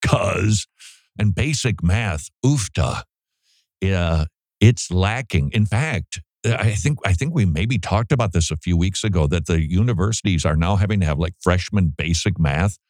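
Low-ish guy hosting a show, bouncy up and down delivery, dry close sound, kind of sarcastic. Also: unhurried, dry recording. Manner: animated, sarcastic mock-quoting. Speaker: talk show host. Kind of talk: casual commentary on theology.

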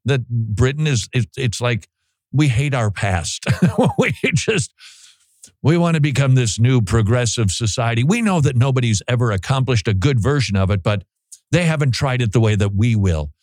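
A man's voice: medium pitch, moderate pace, no room sound. Sarcastic male talk show host. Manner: sarcastic, mocking, animated. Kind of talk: opinionated commentary.

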